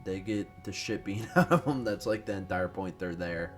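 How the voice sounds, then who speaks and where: Deep-voiced dude rambling thru a strategy game, kinda tired, swears a lot, faint music underneath. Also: male voice, moderate pace. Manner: rambling, profane, self-deprecating. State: tired, no morning caffeine. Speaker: gaming commentator. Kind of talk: casual gameplay commentary.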